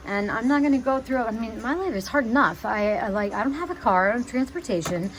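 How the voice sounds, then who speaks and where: Young woman, pleading video message, halting and agitated, faint music underneath. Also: on the high side, expressive, rough recording. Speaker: vlogger addressing her father. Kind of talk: emotional personal video message.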